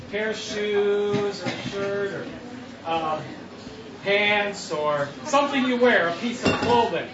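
A man preaching an interactive sermon, playfully bantering with the audience in a large hall. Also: sits high. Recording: distant, echoey, dull and noisy room recording.

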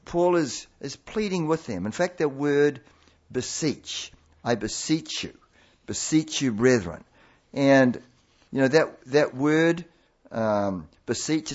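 A man's voice: a little high, a little mellow, lo-fi sound. A man preaching a sermon in a pleading way, repeating phrases and restarting his sentences.

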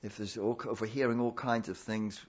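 A man's voice: lowish voice, flat delivery, a little fast, breathy edge. Man preaching a pleading sermon, lo-fi. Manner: pleading, repetitive preaching with many restarts.

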